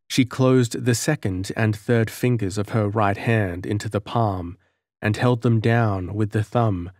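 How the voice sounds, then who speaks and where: A man narrating an audiobook in a measured storytelling manner. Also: lowish voice, a little mellow, no room sound, clean studio sound. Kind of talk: scripted narration.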